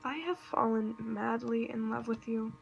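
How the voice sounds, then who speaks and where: A woman's voice: a little high, steady tone, unhurried, gravelly, muffled recording. A woman voicing an earnest, lovestruck teenage boy in a fan story she reads aloud. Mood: tender. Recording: noisy home recording with computer clicks.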